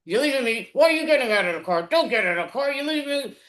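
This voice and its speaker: A man playing a rambling male hitchhiker in an improv scene, gushing and stammering with "oh" at every turn. His voice sits high for a man and bounces off a roomy, echoey space. It sounds picked up over a video call. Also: lively intonation, fast, fairly bright tone. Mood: frantic. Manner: exclaims "oh" constantly, rambling and stammering. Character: chatty male hitchhiker, easily delighted then panicky.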